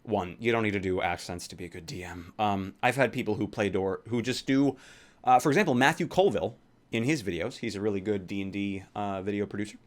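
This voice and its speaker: Offhand, rambling young man, lowish voice. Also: fairly quick. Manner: rambling, offhand, swears casually. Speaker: YouTuber answering viewer questions. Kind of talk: casual Q&A vlog.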